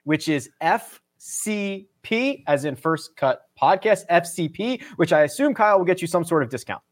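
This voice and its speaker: A man's voice: sits high, lively intonation, moderate pace. A man hosting a golf podcast in a casual, upbeat and chatty way. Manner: upbeat, chatty, promotes sponsors and links. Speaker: podcast host.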